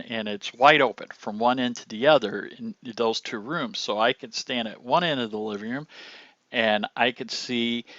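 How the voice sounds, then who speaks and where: Older male teacher, slow explanatory delivery, bright tone, dull lo-fi sound. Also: mid-range voice, no room sound. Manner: slow, explanatory, acts out lines to demonstrate delivery. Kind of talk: classroom lecture on acting.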